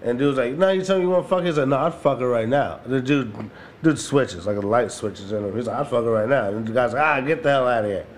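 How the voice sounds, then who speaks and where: A man co-hosting a casual podcast. He tells long, meandering stories in loose, profane slang, at a middle pitch. A faint hiss of background noise sits under his voice. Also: fast. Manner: rambling storyteller, profane slang. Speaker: podcast co-host. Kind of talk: casual chat.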